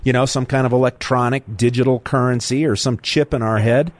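A man's voice: medium pitch, fairly even intonation, a little fast, dry recording. A man hosting a talk radio call-in show, talking bluntly and with indignation to his callers. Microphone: studio microphone.

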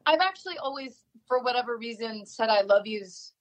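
A woman musician guest in a casual interview over a video call, talking warmly with many fillers and restarts. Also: on the high side, animated, brisk, rough recording.

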